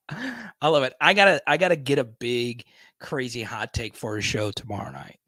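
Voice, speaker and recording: A man's voice: mid-range voice, unhurried, sharp tone, husky, dry recording. A man hosting a casual live stream, chatting and reading viewer comments aloud.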